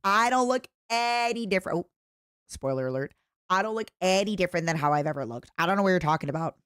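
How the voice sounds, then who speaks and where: A woman's voice: sits low, fast, clean tone, no room sound, studio quality. A woman from Eastern Europe streaming, chatting playfully with her chat and often breaking into giggles. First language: French-schooled, non-native English.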